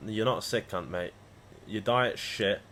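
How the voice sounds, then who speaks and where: A man's voice: on the low side, measured pace, fairly bright tone, slight background noise. A man chatting casually on a livestream, rambling and swearing freely as he talks to his viewers. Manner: rambling, profane banter. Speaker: live trading streamer.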